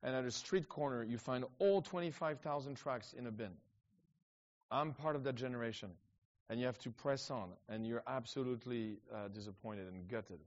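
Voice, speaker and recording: A middle-aged man tells stories in a rambling, animated way, with many restarts and quick asides. His pitch sits in the middle of the male range. The recording sounds a little dull and muffled. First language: French. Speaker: evangelist guest. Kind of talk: casual storytelling talk.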